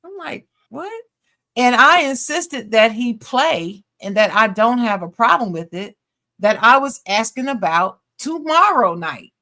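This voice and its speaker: A woman podcast co-host reading a listener's letter aloud in an expressive way, breaking off now and then for casual slangy asides. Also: a little high, unhurried.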